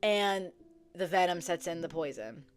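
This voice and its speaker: With soft background music behind her, a young female book vlogger speaks at a measured pace in a fairly low voice. She recounts a book's plot from memory in a casual way, cursing freely and performing the characters' dialogue.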